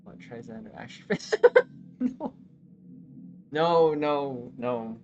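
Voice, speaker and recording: A live streamer chatting with viewers, excitable, exclaiming and often laughing. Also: mid-range voice, takes it slowly, gravelly, lo-fi sound, slight background noise.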